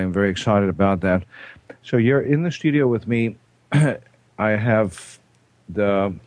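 A South African man hosting a studio talk show, hesitant, with frequent throat clearing and fillers. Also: on the low side, darkish tone, no echo. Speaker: host. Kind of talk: casual radio talk show.

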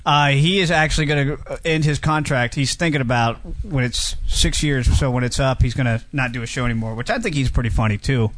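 A man's voice: mid-range voice, a little fast, hardly any pauses, fairly bright tone. Rambling, teasing male talk show host. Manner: rambling, teasing, jumps between topics. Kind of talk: casual radio chat.

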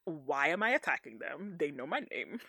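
A woman in casual podcast chat, animated and slangy, often acting out characters' lines. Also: low voice, moderate pace, creaky. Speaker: podcast co-host.

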